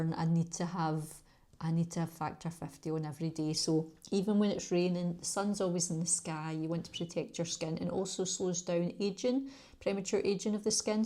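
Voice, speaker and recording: This Glaswegian beauty YouTuber, a middle-aged woman from Scotland, has a fairly low, warm voice. She responds to viewer questions in a chatty, meandering, friendly manner, with laughter between her thoughts.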